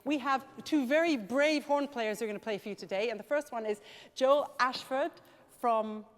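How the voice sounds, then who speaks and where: A woman's voice: on the high side, normal speed. A woman leading a live horn masterclass in a large music college hall, chatty and enthusiastic, laughing often. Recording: echoey hall.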